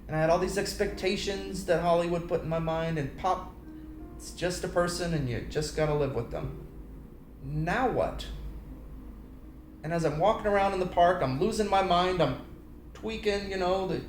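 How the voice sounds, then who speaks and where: A man's voice: high voice, moderate pace, soft background music. A man giving a preachy personal talk about love and marriage, telling stories animatedly and acting out voices. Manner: animated storytelling, acts out voices and sings snippets. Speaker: Christian speaker. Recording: roomy echo, faint background noise.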